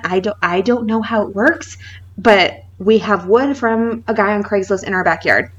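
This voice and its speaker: A woman in her thirties co-hosting a podcast, telling a funny story in casual chat, animated and laughing often. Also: medium pitch, moderate pace, muffled recording. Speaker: podcast co-host.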